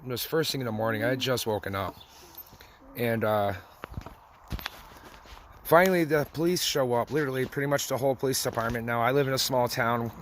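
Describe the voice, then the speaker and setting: Young dad talking straight about rough times, emotional, a bit of car noise behind. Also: male voice, mid-range voice, fairly quick, long pauses. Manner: emotional, tearful at times, blunt and plainspoken. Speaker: father telling family story. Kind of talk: personal testimony.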